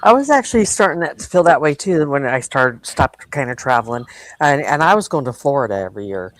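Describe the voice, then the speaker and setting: A woman's voice: a bass voice, expressive, fairly quick, poor audio. A woman co-hosting a live stream, chatting casually and laughing easily. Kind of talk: casual chat.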